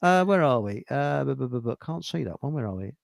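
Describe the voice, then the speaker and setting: A man's voice: medium pitch, big pitch swings, a little fast, vocal fry, no echo, studio quality. A man in a casual chat who rambles and hesitates, with many fillers.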